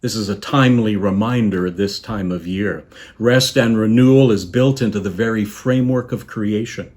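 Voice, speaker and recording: Measured, reflective man preaching a sermon. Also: fairly low pitch. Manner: measured, reflective preaching with pauses and softly trailing phrases. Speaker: bishop preaching.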